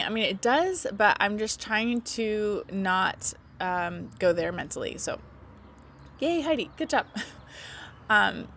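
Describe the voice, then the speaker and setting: Heartfelt mom vlogger, softly emotional. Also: female voice, mid-range voice, a little hiss or hum. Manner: heartfelt, tearful at times, laughing through nerves. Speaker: vlogger, mother. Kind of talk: emotional casual vlog to camera.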